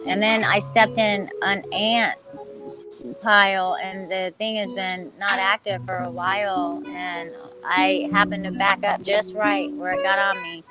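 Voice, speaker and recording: A woman's voice: mid-range voice, little pitch movement, a little slow, music in the background, low-quality recording. A woman from Florida in a casual online group chat, telling chatty stories and laughing at herself. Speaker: chat participant.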